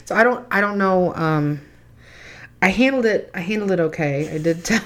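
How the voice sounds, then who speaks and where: Lower-voiced woman co-host; blunt, swears a lot, self-deprecating. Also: moderate pace, fairly bright tone. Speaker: true crime podcast co-host. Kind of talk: casual profane storytelling.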